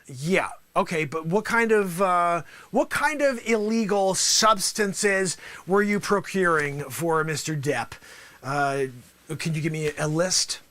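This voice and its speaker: A man's voice: sits high, slow pace, fairly bright tone. A man performing as a trial lawyer in a comedic mock courtroom sketch, theatrical and jokey, sometimes dropping to a whisper.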